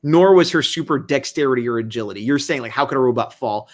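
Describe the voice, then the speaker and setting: A man's voice: mid-range voice, fast talker. A man hosting a casual review discussion, rambling and reasoning aloud. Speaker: host.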